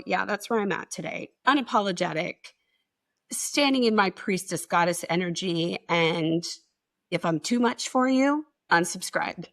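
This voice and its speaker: A woman's voice: medium pitch, fairly bright tone. A woman co-hosting a podcast live stream, chatting animatedly, swearing freely and acting out quotes in her stories. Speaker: podcast co-host. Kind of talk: casual chat.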